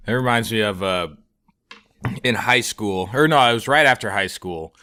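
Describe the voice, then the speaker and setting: A man in his twenties co-hosts a comedy podcast, telling a rambling, profane story full of fillers in casual chat. His voice is lowish and sharp in tone, at a moderate pace.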